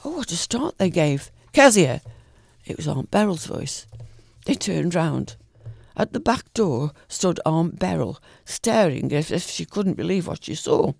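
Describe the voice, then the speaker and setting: A man reading a short story aloud in a calm, even way, with the odd small slip. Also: fairly high pitch, a little slow, creaky, breathy edge, no room sound, clean studio sound.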